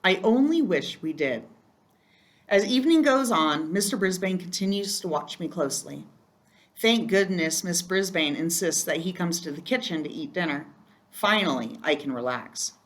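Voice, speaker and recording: A woman reading a first-person children's chapter book aloud in a gentle storytelling manner. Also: fairly low pitch, animated, normal speed. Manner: gentle, storytelling, occasional slips. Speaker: reader.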